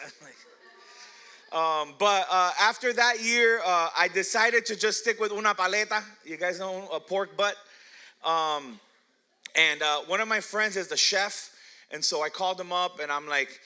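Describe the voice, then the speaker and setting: Bright-voiced man preaching with playful stories. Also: high-pitched, unhurried, clean tone. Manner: playful storytelling, laughs often, asks the crowd. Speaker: pastor. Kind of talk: sermon with personal stories. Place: church hall.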